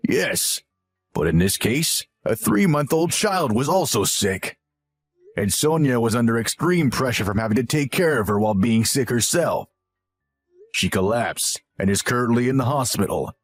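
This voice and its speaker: A man voicing a stern older father who calmly and firmly reproaches his son. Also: medium pitch, soft background music, natural voice. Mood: grave. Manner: firm, measured and reproachful.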